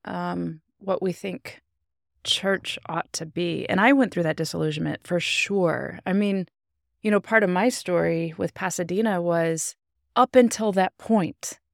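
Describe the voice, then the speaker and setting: Woman in her 30s, co-host, low gravelly voice, dry close mic. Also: a little slow, no room sound. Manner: warm agreeing interjections, reflective. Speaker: pastor and podcast co-host. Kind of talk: casual theological chat.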